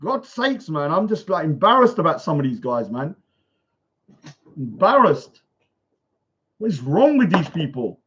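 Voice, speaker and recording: A high-voiced man rants on a livestream, loud and confrontational, hammering the same phrases again and again. The sound is dull and lo-fi, as from a basic home setup indoors. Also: very animated, a little slow, pauses often, slightly rough. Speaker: livestream host. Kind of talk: ranting livestream chat. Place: indoors at a bungalow.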